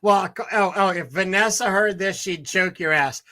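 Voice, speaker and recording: A man co-hosting a podcast, teasing and joking in easy chat. His voice is high and bright with a sharp, forward edge. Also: normal speed. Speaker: podcast co-host. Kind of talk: casual chat.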